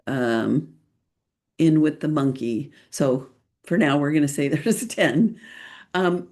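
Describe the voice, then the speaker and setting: Slow, gravelly middle-aged woman host. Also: deep voice, darkish tone. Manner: chatty and playful, laughs often, frequent ums and restarts. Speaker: children's photographer and podcast host. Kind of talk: casual podcast talk, giving tips.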